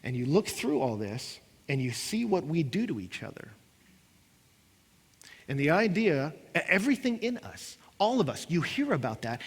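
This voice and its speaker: A man preaches, his voice sitting a little high for a man. His delivery swings between hushed, heavy moments and bursts of impassioned emphasis. The sound carries a long reverb from a large auditorium. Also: big pitch swings, normal speed, breathy edge. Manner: impassioned preaching, acting out what listeners say, rising and falling intensity. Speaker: pastor. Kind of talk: sermon.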